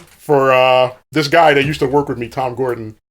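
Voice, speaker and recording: A man's voice: medium pitch, fairly even intonation, normal speed. A man co-hosting a podcast, laid-back and chuckling as he explains in casual chat. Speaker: podcast co-host.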